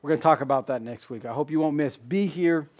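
Man, preacher, sermon, high voice, rhetorical questions, loud then hushed. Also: quick pace. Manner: swings between loud emphasis and hushed drops; repeats phrases for emphasis, asks rhetorical questions.

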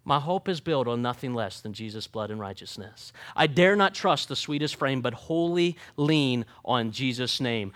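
A man preaching a sermon, folksy and joking, swinging from quiet asides to loud emphatic points. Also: medium pitch, expressive, moderate pace, hardly any pauses. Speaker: pastor.

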